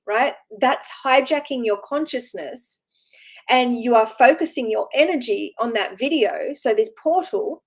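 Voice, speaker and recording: A woman with a fairly high voice gives a loose, informal spiritual talk. She rambles, restarts and repeats herself, tagging lines with quick check-ins to her listeners. Her tone stays earnest and encouraging throughout. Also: rough recording. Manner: rambling, repeats words, keeps asking "right?". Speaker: spiritual teacher.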